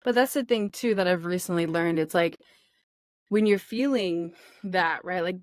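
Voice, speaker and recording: A woman's voice: on the low side, normal speed, no room sound. A woman co-hosting a podcast in casual chat, candid and profane, acting out feelings in quoted voices. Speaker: podcast co-host.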